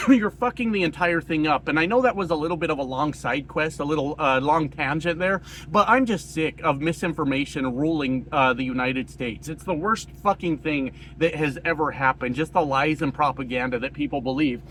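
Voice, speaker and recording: A man from rural Colorado giving a casual, profane political rant, hoarse and coughing, rambling with many fillers. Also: on the high side, expressive, moderate pace, fairly bright tone, slight background noise. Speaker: political commentator.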